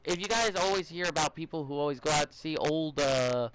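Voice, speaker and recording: A man's voice: on the high side, brisk, background noise. A young man hosting a casual podcast, rambling and giving advice with many fillers, restarts and stutters. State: a bit out of it, stuttering.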